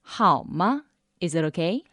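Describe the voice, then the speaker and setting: A woman hosting a radio language lesson, saying model phrases slowly and carefully. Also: fairly low pitch, sing-song, fairly bright tone, slightly rough, no echo, studio quality. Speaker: language teacher and host.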